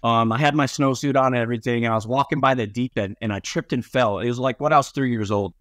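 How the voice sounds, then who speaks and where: A man from upstate New York, a podcast guest, telling stories in a relaxed way with lots of ums and likes. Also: medium pitch, fast talker, no echo, clean studio sound. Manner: laid-back, many ums and likes. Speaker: podcast guest, former Olympic swimmer. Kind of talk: casual storytelling chat.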